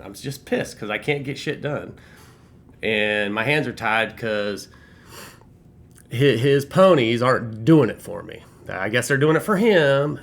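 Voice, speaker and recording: A man's voice: on the low side, a bit bright. A middle-aged man telling a long workplace story in a casual, rambling, profane way, with lots of restarts. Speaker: former restaurant shift manager telling a story.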